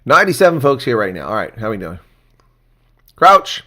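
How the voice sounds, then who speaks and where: A man giving casual live reaction commentary on a rugby match, chatty and thanking viewers, getting excited on big plays. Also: on the low side, racing.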